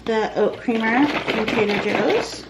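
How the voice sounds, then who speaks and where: A woman's voice: fairly high pitch, slow. A woman talking casually through her cooking in a home kitchen vlog, with frequent ums, over a faint kitchen fan. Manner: chatty, explains as she cooks, frequent ums. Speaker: vlogger. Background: kitchen fan and frying noise.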